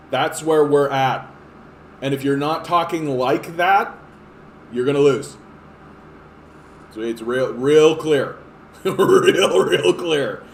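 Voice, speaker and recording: A man hosting a political podcast, ranting casually with exasperation and frequent swearing. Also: medium pitch. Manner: animated and exasperated, swears often, frequent fillers. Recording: echoey room, faint hiss.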